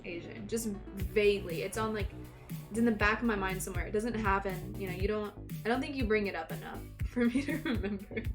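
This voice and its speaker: A woman's voice: medium pitch, a little fast, over music. A woman streamer chatting casually with her viewers, teasing them and laughing often.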